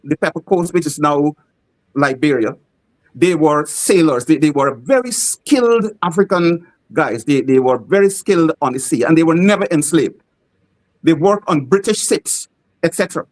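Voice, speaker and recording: A man with a Guyanese accent speaks as a playwright in an interview, telling animated stories. His voice sits notably high for a man. He slips into the voices of the people in his stories as he goes. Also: moderate pace, low-quality recording. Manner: animated, acts out quoted voices. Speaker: playwright guest. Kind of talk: interview storytelling.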